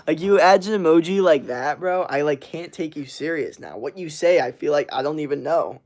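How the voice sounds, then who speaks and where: A man's voice: on the high side, normal speed, creaky, few pauses, a little mellow. A young man streaming live, chatting loosely and swearing as he reads and answers chat messages. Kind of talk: casual live-stream chat reading comments.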